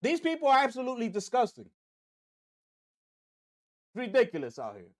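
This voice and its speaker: Speaking straight to his viewers, a man hosts a gaming news livestream in a casual, animated style, repeating himself for emphasis. His voice is very high and his pace moderate.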